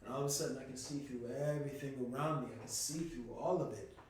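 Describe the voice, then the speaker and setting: A man telling a personal story on a podcast in a casual, animated way, swearing freely and sometimes rising to a shout. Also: mid-range voice, quick pace. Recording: echoey room, distant from mic, faint noise.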